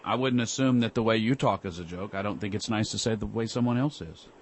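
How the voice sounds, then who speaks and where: A man's voice: on the low side, fast talker. A man hosting a call-in radio talk show, arguing with a caller in a sarcastic, lecturing way.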